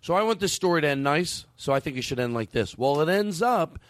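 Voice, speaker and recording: A man's voice: fairly high pitch, expressive, brisk, no room sound. A man hosting a casual comedy podcast, rambling through a story and laughing a lot.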